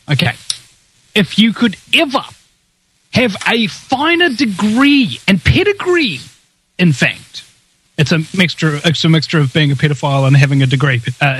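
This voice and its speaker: A male talk host with a high voice and a very lively melody, leaping up and down in pitch. He is excitable and sarcastic, riffing and ranting in casual chat. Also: breathy edge, poor audio. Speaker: podcast host.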